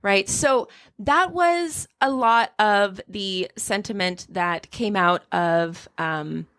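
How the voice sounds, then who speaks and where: A woman's voice: mid-range voice, takes it slowly, fairly bright tone, dry recording. Give me a chatty woman co-host reading quotes on a close, dry mic. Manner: chatty, laughs at herself, reads quotes. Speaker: podcast co-host. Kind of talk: casual political commentary.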